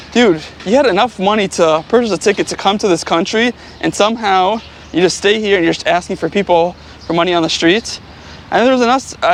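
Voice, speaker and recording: Walking along a city street, this male travel vlogger spins casual stories in a high voice. He rambles, filling his speech with "like" and "you know," and there's slight background noise.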